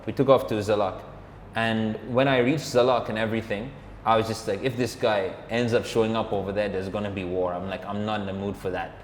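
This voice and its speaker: A man's voice: on the low side, flat delivery, fairly quick. Rambling man in an echoey room. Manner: rambling, filler-heavy, acts out quoted dialogue. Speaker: podcast co-host, motorcyclist. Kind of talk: casual storytelling chat. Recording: roomy, reverberant room with faint background hum.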